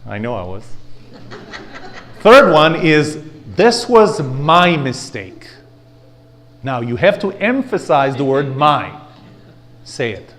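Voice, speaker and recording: Animated male lecturer with lively pitch. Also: slow, long pauses. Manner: animated, has the audience repeat phrases; rhetorical questions, blunt. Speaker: leadership lecturer. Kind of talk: lecture to a live audience. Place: lecture room with audience.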